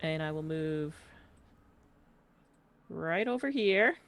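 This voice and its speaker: A woman's voice: sits low, expressive. A woman playing a tabletop game, thinking aloud with lots of fillers. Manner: unhurried, hesitant, thinks aloud with many fillers. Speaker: player.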